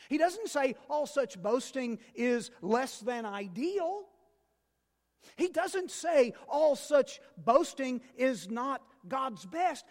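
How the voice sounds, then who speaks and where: A male pastor preaching with a high voice, driving points home by repeating key words. His delivery moves between loud emphasis and quiet asides. A long reverb trails his words through the church. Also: very animated, extremely slow. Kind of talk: sermon.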